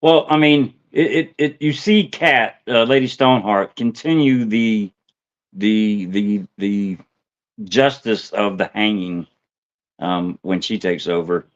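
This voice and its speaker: Low-voiced hesitant man. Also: takes it slowly. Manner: hesitant, repeats words. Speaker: podcast co-host. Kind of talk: casual book discussion. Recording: dull lo-fi sound.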